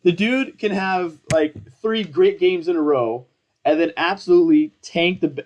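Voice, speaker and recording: A young man in casual commentary, excitable and rambling, slangy and self-mocking, hyped up on coffee. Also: high-pitched, normal speed. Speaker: fantasy football content creator.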